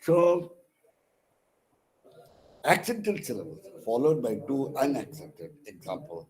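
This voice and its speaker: A very animated man with a medium-pitched, slightly mellow voice talks a little slowly and takes long pauses. He has an Indian English accent and is a counsellor teaching English literature, giving an online lecture on poetic meter in a hesitant way, with many fillers and restarts, stressing syllables as he reads examples.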